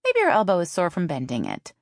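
A woman's voice: lowish voice, huge pitch swings, quick pace, dry recording, studio quality, voice pushed up. A woman voicing a sarcastic adult sister who teases and needles in a raised voice. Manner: mocking, needling.

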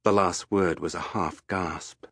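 A man narrating a fantasy story for an audiobook in a slow, measured storytelling voice. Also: low-pitched, steady tone, fairly bright tone, husky, no room sound, clean studio sound.

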